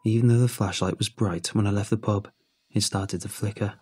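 A man narrating a horror story in a measured, brooding way. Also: on the low side, steady tone, mellow, breathy edge.

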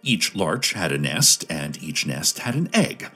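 A man delivering scripted radio news narration in a calm, deadpan manner. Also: extremely low pitch, a little slow, breathy edge, faint music behind.

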